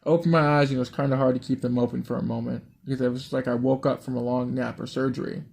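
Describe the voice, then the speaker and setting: Man, gravelly voice, casual storytelling reader who swears and digresses. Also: mid-range voice, level tone, rapid-fire, darkish tone. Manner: rambling, swears, stops for asides. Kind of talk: casual reading of a dream story.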